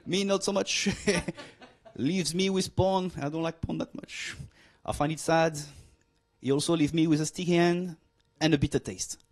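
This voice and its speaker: A man's voice: fairly high pitch, fairly even intonation, a little slow. A man from France with a French accent, in his forties, performing a playful, mock-arrogant stand-up routine on a club stage. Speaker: stand-up comedian.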